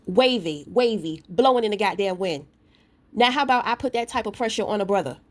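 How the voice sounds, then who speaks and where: A woman's voice: mid-range voice, lively intonation, fairly quick. Blunt, profane woman ranting to camera. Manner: storytelling with many asides. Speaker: vlogger; parent. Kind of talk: casual rant to camera.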